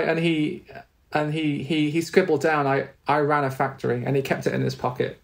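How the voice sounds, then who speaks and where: A man, a spiritual teacher and podcast guest, telling a heartfelt story in a halting, earnest way with many restarts. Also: a little high, steady tone, vocal fry.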